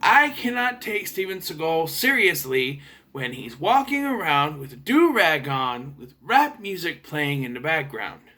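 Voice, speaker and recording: A young man chats his way through a movie review, sarcastic and loose. His voice is bright and fairly high, and it swings up and down a lot as he talks. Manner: chatty, sarcastic, clears throat. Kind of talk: casual video review.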